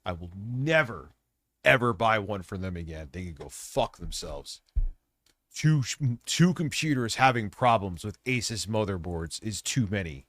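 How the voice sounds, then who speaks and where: Male streamer, low-ish voice, dry close sound, profane venting rants. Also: fairly bright tone, no echo. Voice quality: frustrated, profane ranting. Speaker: livestreamer. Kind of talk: casual livestream chat.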